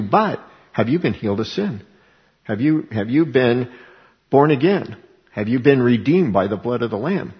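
A man's voice: medium pitch, lively intonation, fairly quick, muffled recording. A man preaching a sermon as pastor, reading scripture and asking rhetorical questions.

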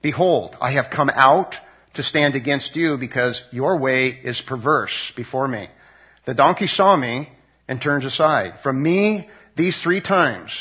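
In a dull, lo-fi recording, a man with a mid-range, slightly rough voice teaches from the Bible in a relaxed, conversational manner. He reads verses aloud and then retells them, full of fillers and restarts.

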